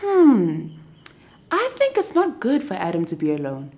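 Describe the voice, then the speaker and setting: A woman's voice: mid-range voice, wildly swooping pitch, measured pace, mellow. A woman doing God as a kindly storybook father. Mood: musing. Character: God, a kindly male creator speaking.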